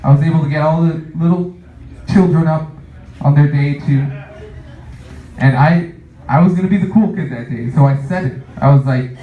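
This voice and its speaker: Young guy doing standup, kinda high mellow voice, rambly, far off mic in an echoey room. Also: moderate pace, long pauses, dull audio. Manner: rambling, filler-heavy, self-amused. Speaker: stand-up comic. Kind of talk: stand-up comedy set.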